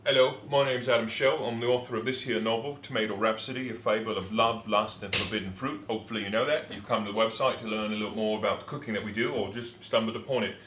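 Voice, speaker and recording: A man with a put-on London accent, casually talking through a recipe he is cooking, rambling and playful with many pauses and ums. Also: on the low side, fairly even intonation, a bit bright, roomy sound, slight background noise.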